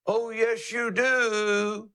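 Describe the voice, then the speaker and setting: A man voicing a rooster that crows out an accusation in a shrill, drawn-out cry. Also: flat delivery, bright, forceful tone, exaggerated voice. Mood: accusing. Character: crowing rooster scolding a liar.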